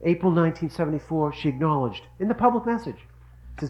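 A middle-aged religious speaker gives an earnest devotional talk, telling stories and repeating phrases for emphasis. His fairly high voice is expressive and fast, captured with lo-fi sound.

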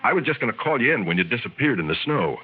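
A man voicing a kindly, plainspoken Marine sergeant, speaking gently over a tinny radio recording with music behind. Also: medium pitch, sing-song, fast, natural voice. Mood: gentle. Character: gruff kindly male Marine sergeant, middle-aged.

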